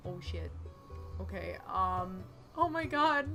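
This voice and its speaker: Bright, slow-talking young woman gaming. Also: fairly high pitch. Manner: expressive, chatty, swears and yelps in reaction. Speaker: gaming channel host. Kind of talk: let's play commentary. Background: game music.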